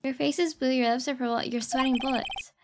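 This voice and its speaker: A woman's voice: high-pitched, steady tone, brisk, slight background noise. Woman reading a flustered young defense lawyer. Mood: wry.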